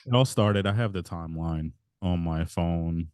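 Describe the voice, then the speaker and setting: A man's voice: low voice, normal speed, a little mellow, clean tone, no echo. A man co-hosting a podcast in casual chat, telling a rambling story and laughing as he goes. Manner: rambling, self-interrupting storyteller who laughs mid-sentence. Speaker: podcast co-host.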